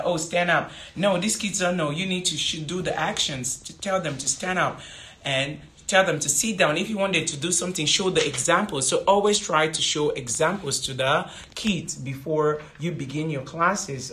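A woman's voice: low voice, a bit bright. Woman, casual teacher vlog, rambling and repetitive, roomy echo. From Africa. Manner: rambling, repeats words, many "like" fillers. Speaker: English teacher and vlogger.

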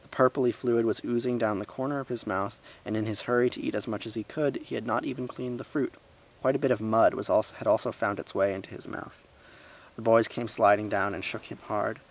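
Gravelly low-voiced man reading a story. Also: fairly quick. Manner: lively reading, voicing characters, with asides.

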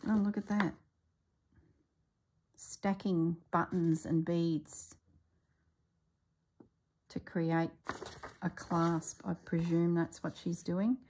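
A rather low-voiced woman leafs through a craft book and talks it over in a relaxed, chatty way. She exclaims and muses aloud, often leaving sentences half-finished. A faint hiss of noise sits under her voice. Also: extremely slow, pauses often. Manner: exclaims and muses aloud while browsing, trails off mid-sentence. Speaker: craft vlogger reviewing a book. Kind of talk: casual chatty book review.

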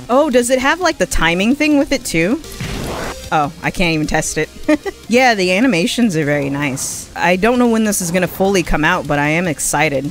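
A woman's voice: fairly low pitch, expressive, normal speed, soft background music. A young woman streamer casually commentating a game, swearing, laughing and reading game text aloud.

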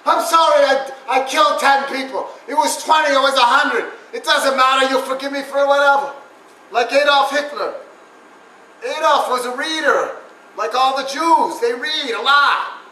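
A very high, bright-toned man speaks as a god in a stand-up rant. He chants looping rhymes, repeats lines and jeers with profanity. He sounds far from the mic in an echoey room with faint noise. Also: moderate pace. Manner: preachy, profane and jeering. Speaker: stand-up performer. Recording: roomy echo, distant mic, faint noise.

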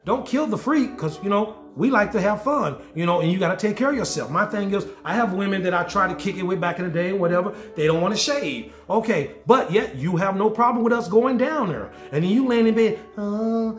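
Brief: man in his forties, high voice, crude comic vlog rant, echoey room, faint music behind. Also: expressive, fairly quick, few pauses. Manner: loud, joking, playfully crude. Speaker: vlogger and DJ. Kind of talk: casual comedic monologue to camera.

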